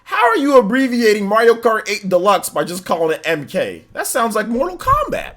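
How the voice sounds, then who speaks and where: A man's voice: high voice, big pitch swings, brisk, fairly bright tone. A young man hosting a livestream in casual chat, reading donations with laid-back slangy banter and frequent laughter. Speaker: livestream host.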